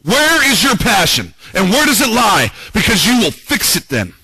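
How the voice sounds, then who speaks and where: A man's voice: sits high, wildly swooping pitch, moderate pace, bright, forceful tone, slightly rough, dry recording, poor audio. A man preaching a sermon as pastor, dramatically acting out quoted prayers and voices. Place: church.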